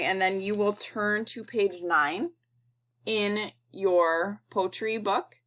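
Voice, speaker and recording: A woman teacher talks through a recorded video lesson for young children. Her voice sits in a middle pitch, and she takes her time, slowly and patiently spelling things out in a kid-friendly way. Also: fairly bright tone.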